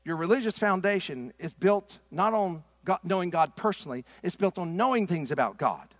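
A middle-aged man preaching a sermon in a church. His delivery is impassioned and swings from loud to hushed. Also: high voice, animated, normal speed, dry recording. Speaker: pastor. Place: church sanctuary.

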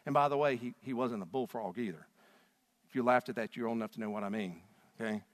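A middle-aged man preaching a sermon as pastor, animated and rising to loud, emotional peaks as he reads scripture aloud. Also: medium pitch, fast. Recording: long hall reverb.

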